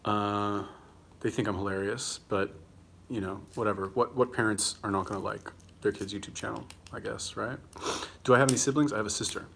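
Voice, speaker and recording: A man's voice: lowish voice, steady tone, a little fast, vocal fry, fairly bright tone, slight background noise. A young man hosting a casual livestream, answering viewer comments bluntly and combatively, swearing freely and talking while he eats. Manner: talks while eating.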